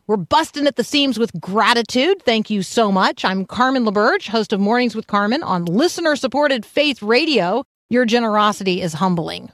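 Woman radio host, earnest and thoughtful, mid pitch, dry studio mic. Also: no echo. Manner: earnest, thoughtful, with hesitant fillers. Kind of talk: Christian radio talk, reading aloud.

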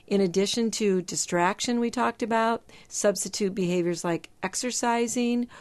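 A middle-aged woman talking as a Christian psychologist, explaining step-by-step advice in a measured, emphatic teaching manner. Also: medium pitch, darkish tone. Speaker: Christian psychologist and show host. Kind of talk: faith-based advice talk.

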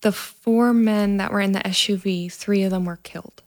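A woman's voice: medium pitch, steady tone, normal speed. A woman, a trauma nurse, telling a personal story in an earnest way and acting out the dialogue.

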